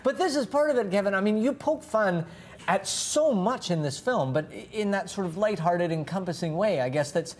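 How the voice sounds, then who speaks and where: A male talk show co-host with a fairly high voice leads the chat with the guests. He is enthusiastic and talkative, and he often asks follow-up questions. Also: animated, moderate pace. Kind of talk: casual TV chat.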